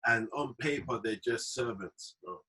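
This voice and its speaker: A man's voice: medium pitch, a little slow, noisy background. A man, co-hosting a podcast and talking earnestly in a casual chat, often ending lines with "bro". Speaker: podcast co-host.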